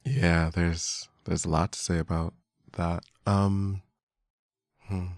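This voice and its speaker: A man in casual conversation, mostly giving quiet murmurs of agreement close to the microphone. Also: deep voice, level tone, slow pace, no room sound. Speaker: co-host, friend.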